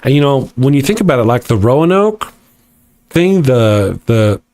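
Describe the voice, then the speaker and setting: A man's voice: medium pitch, very animated, measured pace, darkish tone. A man hosting a casual livestream and reading chat aloud, joking and sarcastic with rambling asides.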